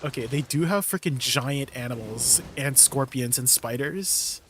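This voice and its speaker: A man's voice: mid-range voice, measured pace, fairly bright tone, slight background noise. A young man streaming live, casually chatting with viewers and riffing on their messages in an easily amused way. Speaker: livestreamer reading chat. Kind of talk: casual chat with viewers while gaming.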